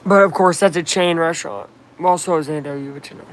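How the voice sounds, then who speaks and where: A man casually commenting on a baseball game on a live stream, chatting with viewers and reacting loudly to plays. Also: a little high, quick pace, a little hiss or hum.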